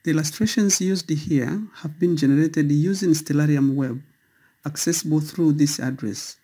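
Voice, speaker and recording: A man's voice: a little high, normal speed, dark tone, husky. A man narrating a scripted voice-over for a stargazing guide, careful and instructional.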